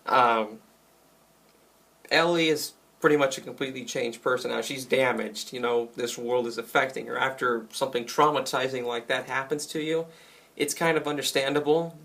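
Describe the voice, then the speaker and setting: A young man casually reviewing a video game, retelling scenes in an excited, rambling way with lots of likes and ums. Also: mid-range voice, moderate pace, vocal fry.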